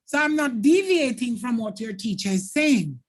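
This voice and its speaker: A woman's voice: fairly high pitch, lively intonation, normal speed. A Jamaican woman teacher running a live online exam-prep lesson, explaining patiently and thanking viewers by name.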